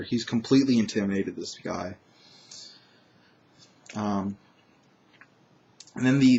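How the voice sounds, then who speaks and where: A man's voice: lowish voice, darkish tone. A man casually recapping a tabletop game session, rambling, with many fillers and restarts. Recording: dull lo-fi recording.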